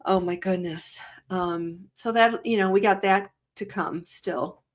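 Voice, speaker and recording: A woman's voice: mid-range voice, steady tone, unhurried. Female co-host, casual livestream chat, exclamatory and laughing. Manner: chatty, laughs often, exclaims "oh my goodness".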